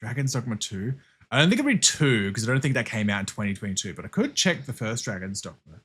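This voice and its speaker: Guy streamer chatting while he games, husky bright voice, jumpy and sweary. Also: mid-range voice, quick pace. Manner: excitable, swears often, laughs a lot. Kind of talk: casual livestream chat while gaming.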